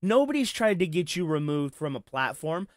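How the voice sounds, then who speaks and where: A man's voice: a little high, big pitch swings, normal speed, no room sound, clean studio sound. A man giving heated, profane reaction commentary, talking with sarcasm and frustration. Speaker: commentary streamer.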